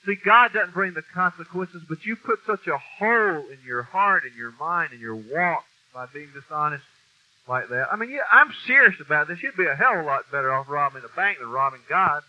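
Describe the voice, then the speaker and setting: A man's voice: on the high side, animated, brisk, bright, forceful tone. A man preaching an informal sermon in a blunt, folksy way, with mild cursing and heavy emphasis. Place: meeting room with a mic. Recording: dull lo-fi recording.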